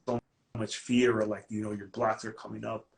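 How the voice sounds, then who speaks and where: A man's voice: on the low side, level tone, moderate pace, creaky. A man who works as a coach, talking casually on a live stream, slangy and full of restarts. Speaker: life coach.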